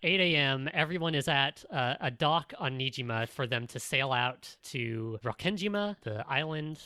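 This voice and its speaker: A podcast co-host in a casual discussion, talking in an animated way with many fillers and restarts. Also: medium pitch, normal speed, no room sound.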